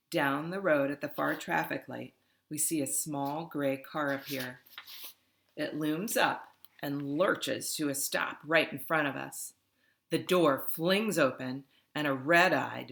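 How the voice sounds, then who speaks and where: A woman reading a first-person children's novel aloud in a calm, unhurried manner. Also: low-pitched, vocal fry. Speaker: audiobook narrator.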